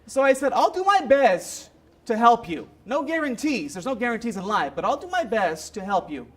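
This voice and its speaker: Animated male motivational speaker. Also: extremely high pitch, moderate pace. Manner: animated storytelling with acted quotes. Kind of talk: motivational seminar talk.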